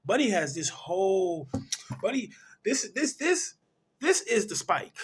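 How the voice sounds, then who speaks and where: A man reviewing a film, retelling the plot in a casual, animated way and correcting himself as he goes. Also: sits high, measured pace, breathy edge. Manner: animated storytelling, correcting himself mid-sentence. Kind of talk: casual movie plot recap.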